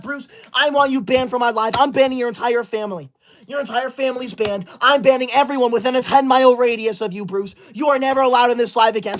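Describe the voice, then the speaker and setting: A man voicing a prissy, self-righteous schoolboy livestreamer and teacher's pet, scolding and banning his viewers with quick outrage in a comedy sketch. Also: very high-pitched, fairly bright tone. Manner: indignant, scolding, easily outraged.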